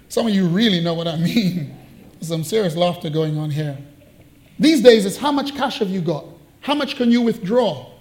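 A man's voice: sits high, expressive, normal speed, darkish tone. A man preaching a sermon, telling a story with playful asides and jokes.

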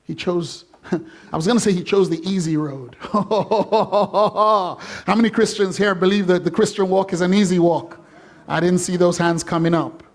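A man with a high voice preaching in a church. He is animated and full of jokes, and slips into playful voices to act out the people in his story. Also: a little slow. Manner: animated and jokey, acting out quoted voices. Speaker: pastor. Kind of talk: sermon.

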